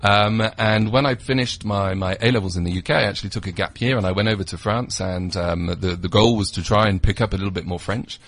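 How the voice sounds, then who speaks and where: A British man in his thirties is a guest in a radio studio, pitching holiday resorts with eager, sales-driven enthusiasm. He speaks quickly in a low register and scatters ums through his lists of places. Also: fairly bright tone. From United Kingdom. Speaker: travel company representative, radio guest. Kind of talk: radio interview.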